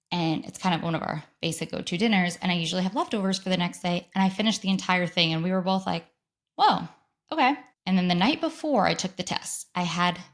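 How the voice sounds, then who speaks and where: Chatty woman telling a story. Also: medium pitch. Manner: excited, chatty, acts out quoted voices. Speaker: podcast host. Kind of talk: solo podcast storytelling.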